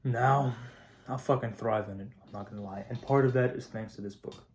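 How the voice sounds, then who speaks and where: A teenage high school student talking casually to camera, swearing often and getting fired up, with lots of filler words. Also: male voice, a little fast, a little mellow. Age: teens. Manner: profane, hyped, heavy "like" and "not gonna lie". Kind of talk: casual vlog monologue.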